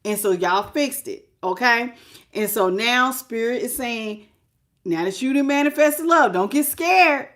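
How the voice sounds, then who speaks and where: A middle-aged woman reading tarot on a live stream, animated and exclamatory, greeting her viewers by name. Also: fairly high pitch, unhurried. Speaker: tarot reader.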